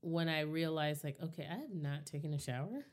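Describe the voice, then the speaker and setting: A woman with a low, smooth, clear voice talks through personal matters in a relaxed co-host chat. She is candid and reflective, often checking whether she's understood. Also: brisk. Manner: candid, reflective, often asks "you know what I mean". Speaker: podcast co-host. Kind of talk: casual chat.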